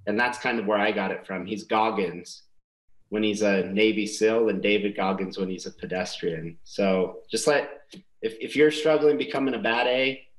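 Motivational man, deep voice, echoey room. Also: moderate pace. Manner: earnest, motivational. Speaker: sales prospecting guest. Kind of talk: casual webinar chat.

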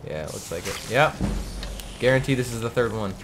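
Man commentating his gameplay, foul-mouthed, joking, very animated pitch, faint background noise. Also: fairly quick. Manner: profane, excitable, joking.

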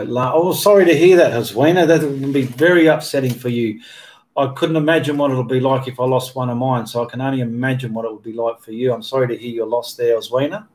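A man's voice: medium pitch, fast, darkish tone. A man hosting a casual livestream Q&A for his painting channel, reading viewer comments aloud and answering them in a rambling, self-correcting way. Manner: rambling, stops to correct himself mid-sentence. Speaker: art channel host answering live chat.

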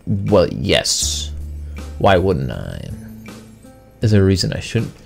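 Snarky guy playing a dating game out loud, gravelly low voice, pitch jumps all over, faint game music behind. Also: sing-song, slow. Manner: sarcastic, mock-offended banter with on-screen characters. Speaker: gaming video host. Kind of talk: gameplay commentary, reading game text aloud.

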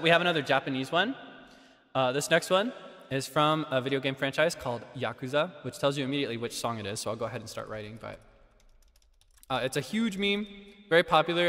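Guy streamer chatting between karaoke songs, jokey, loud bursts, reverby mic. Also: medium pitch. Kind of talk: casual karaoke stream chat.

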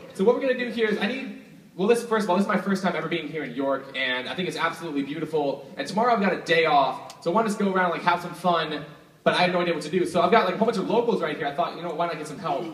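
Energetic young man hyping a crowd. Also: a little high, fast. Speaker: stage magician. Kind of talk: live stage show patter. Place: live show venue with audience. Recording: echoey hall, from a distance, crowd and noise. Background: audience.

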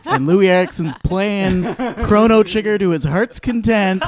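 A man's voice: sits high, normal speed, a crowd in the background. A man co-hosting a casual hockey podcast, joking and laughing as he talks. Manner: joking, laughs while talking. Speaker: podcast co-host. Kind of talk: casual sports chat.

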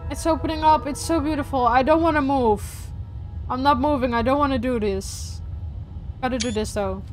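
A woman streamer giving let's play commentary, emotional and expressive as she talks straight to her viewers. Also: high voice, normal speed, faint music behind. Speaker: gaming streamer.

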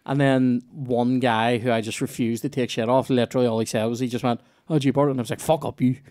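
Guy on his comedy podcast, swears a lot, rambles and restarts, mid pitch. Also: level tone, quick pace, a little mellow. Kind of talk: casual storytelling chat.

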